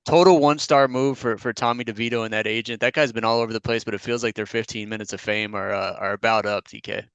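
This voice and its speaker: A male podcast co-host with a bright, crisp and smooth voice, telling stories in easygoing casual chat. He's heard close on a dry mic with no room sound. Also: lowish voice, steady tone, fast, no room sound. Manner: easygoing storytelling with frequent restarts.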